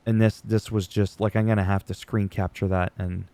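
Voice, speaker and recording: A man's voice: fairly low pitch, level tone, moderate pace, dark tone. A middle-aged man hosting a casual wrestling recap, rambling and chatty, joking at his own expense. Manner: rambling, chatty, laughs at himself.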